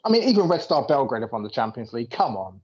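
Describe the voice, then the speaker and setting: A man's voice: mid-range voice, very animated, fast talker. A British man co-hosting a podcast, chatting about football with lots of laughter and swearing. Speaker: podcast co-host. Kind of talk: casual chat about football. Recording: dull lo-fi recording.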